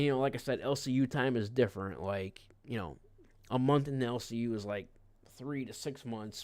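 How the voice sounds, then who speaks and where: A man's voice: medium pitch, clear, resonant tone, no room sound. A man streaming live, telling a rambling, profane story in an irritated, casual way. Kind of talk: casual livestream rant.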